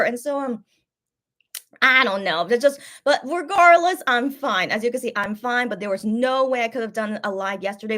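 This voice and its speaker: A woman's voice: fairly high pitch, fairly bright tone. A woman chatting casually on a livestream as host, rambling and giggling, with lots of fillers and restarts, a little sick after a booster shot. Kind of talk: casual live-stream chat.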